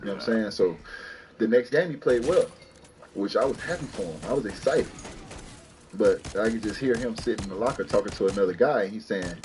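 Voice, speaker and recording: A man telling a story in a relaxed, conversational voice. He laughs often and repeats his punchlines. The audio carries clear background noise, as a podcast clip replayed on a stream. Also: fairly low pitch, brisk. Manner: laughing, repeats himself, gets heated when quoting. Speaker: podcast guest. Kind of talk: casual storytelling.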